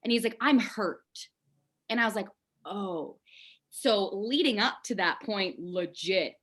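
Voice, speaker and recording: A woman's voice: mid-range voice, normal speed, a bit bright. A woman as a podcast guest, talking candidly and with animation in casual conversation, swearing now and then.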